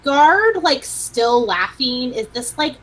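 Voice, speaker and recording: A woman plays at a tabletop game, chatty and excitable. Her voice sits fairly high and has a husky edge. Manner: chatty and excitable, quick to laugh. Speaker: player. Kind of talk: casual tabletop play.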